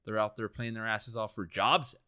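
A man's voice: on the low side, steady tone, moderate pace, bright, forceful tone, clean tone, no echo, studio quality. A man hosting a casual podcast chat, eager and casually swearing. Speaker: podcast host.

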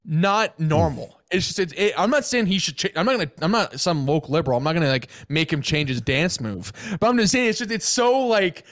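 A young man co-hosting a casual podcast chat, excitable and swearing a lot, with plenty of filler words. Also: fairly high pitch, fairly quick, few pauses, no room sound, studio quality. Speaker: podcast co-host.

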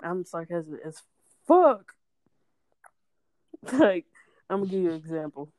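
A woman's voice: fairly low pitch, a little mellow, dry recording. A young adult woman chatting casually as a podcast guest, telling stories in loose slang with frequent laughter and profanity. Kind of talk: casual chat.

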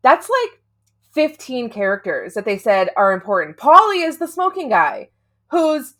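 A woman's voice: fairly high pitch, big pitch swings, a little slow, a bit bright. A woman co-hosting a casual comics podcast, chatting in a rambling way with casual swearing. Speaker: podcast co-host.

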